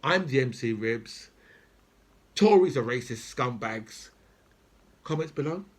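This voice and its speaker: A man's voice: mid-range voice, lively intonation, slow, slightly rough. A British man hosting his own channel, giving an angry, profane political rant to camera and tagging "right?" onto his lines. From Britain. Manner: profane, repetitive, keeps asking "right?". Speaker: channel host.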